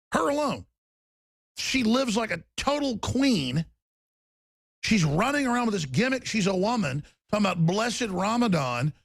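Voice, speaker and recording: A man hosting a talk show, ranting angrily and sometimes shouting, with sarcastic asides. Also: high voice, gravelly, no echo. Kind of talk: heated talk radio rant.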